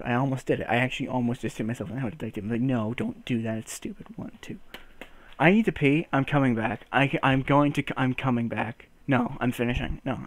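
A man's voice: medium pitch, no echo. A young man talking to himself while learning to juggle, counting throws aloud, laughing at himself and swearing when he drops them. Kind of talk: casual self-talk while practicing.

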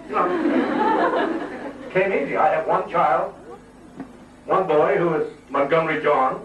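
A man's voice: on the high side, very animated, takes it slowly, a loud crowd. An older man, an actor, telling rambling stories to fans with many fillers and chuckles. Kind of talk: anecdotal stage talk. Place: large hall before an audience. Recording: echoey hall, distant mic, audience noise.

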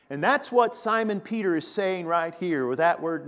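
A man preaching a sermon, emphatic and deliberate, retelling scenes with drama. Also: high-pitched, expressive, a bit bright. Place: church sanctuary. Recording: long reverb of a church hall.

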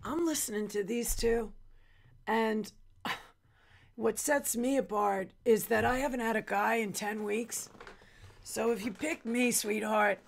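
A woman's voice: on the high side, steady tone, gravelly, exaggerated voice. A woman playing a crude, desperate female contestant on a dating show in a comedy sketch. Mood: lusty. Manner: brash and lewd, drawn-out delivery.

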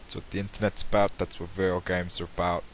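Deep-voiced young man from the Midlands. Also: flat delivery, quick pace, slight background noise, low-quality recording. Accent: English Midlands. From English Midlands. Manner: rambling, self-mocking, hesitant with many ums. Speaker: let's play channel host. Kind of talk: casual self-deprecating vlog intro.

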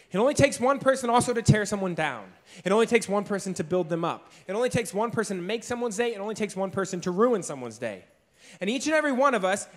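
Animated high-voiced young man telling a story. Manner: animated storyteller, heavy use of "like", acts out his own past lines. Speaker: keynote speaker. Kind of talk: motivational storytelling speech. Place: large room with an audience.

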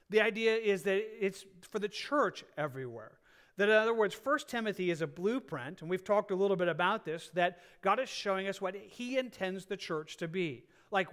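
A man's voice: sits high, a bit bright. A man preaching a sermon in a church as pastor, earnest, often restarting phrases and drawing out key words. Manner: earnest, repeats and restarts phrases, drawn-out stresses.

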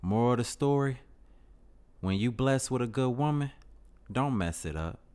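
A man's voice: mid-range voice, moderate pace, clean tone. A man with a Chicago accent telling a comedic story in slang, jumping into voices. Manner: slangy, animated, switching into voices. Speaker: comedy skit narrator.

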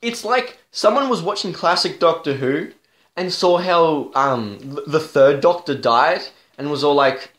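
Young male vlogger, fairly high voice, profane and exasperated, roomy echo. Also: fairly bright tone. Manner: profane, exasperated, halting with restarts. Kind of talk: ranting TV review. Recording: echoey room.

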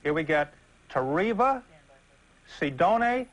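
A man, the show's director, bantering on air in a flat, low-key way. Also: slow pace, highs cut off. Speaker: show director.

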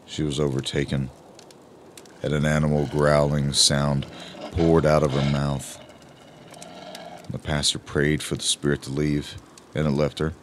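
A man giving a slow, measured first-person audiobook narration. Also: extremely low pitch, completely flat delivery, a little hiss or hum.

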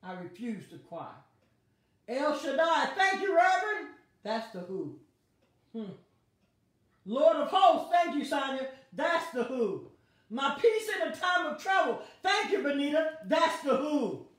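A woman's voice: high voice, animated, unhurried. Exuberant woman pastor preaching. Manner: exuberant, laughing, calls out congregants by name. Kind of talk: call-and-response online Bible study teaching. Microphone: device streaming to viewers online. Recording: very echoey, heard from a distance.

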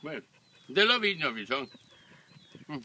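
A man vlogging at an outdoor ranch chats casually while feeding the animals, coaxing them in baby talk. His voice sits on the high side, very animated and bright with a forceful tone, at normal speed. The recording is noisy, taken outdoors.

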